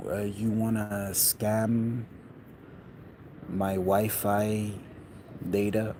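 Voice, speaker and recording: A man's voice: deep voice, slow, darkish tone. A man from Canada delivering a hesitant, bitter, rambling monologue aimed at someone who is not there. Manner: hesitant, bitter, addressing an absent person. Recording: noisy ambient background.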